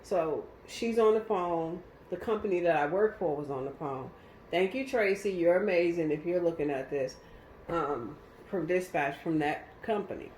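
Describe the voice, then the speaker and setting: A woman's voice: fairly low pitch, moderate pace, darkish tone, slight background noise. A woman recounting a personal story in casual conversation, vivid and emotional, acting out the quotes. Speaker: guest telling her story. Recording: roomy echo.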